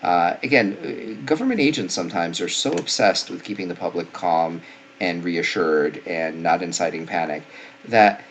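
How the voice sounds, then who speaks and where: Snarky male medic commentator, low voice, casual and opinionated, lots of fillers. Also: normal speed, slight background noise. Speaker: paramedic and nurse commentator.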